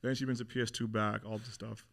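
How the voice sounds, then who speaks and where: Fast-talking young man telling a story. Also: lowish voice, creaky. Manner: animated retelling, acting out quoted voices, frequent swearing and fillers. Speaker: interview guest. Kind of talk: candid storytelling in a podcast interview.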